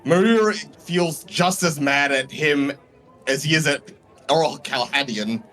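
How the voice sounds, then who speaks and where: A male tabletop player describes what his character does, speaking in a measured way with short pauses. His voice sits a little high for a man, and faint music plays behind him. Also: bright, forceful tone.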